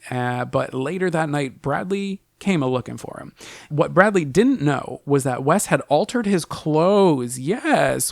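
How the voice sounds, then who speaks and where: A man's voice: mid-range voice, creaky, no room sound, studio quality. A man co-hosting a podcast, telling a story in a casual, profane, jokey way. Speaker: podcast co-host.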